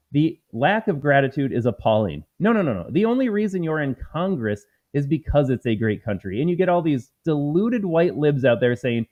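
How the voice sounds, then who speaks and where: Fairly high-pitched and fairly quick, this male voice has a darkish tone and swings widely in pitch. He's an American running a live political commentary stream, calling his viewers folks in a combative, emphatic manner. The lo-fi stream sound is slightly dull.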